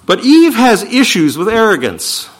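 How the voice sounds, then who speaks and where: A man preaching a sermon, reading scripture slowly and with emphasis, then explaining it in quicker asides. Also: sits high, wildly swooping pitch. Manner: emphatic, swings from slow declaiming to quick asides. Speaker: pastor.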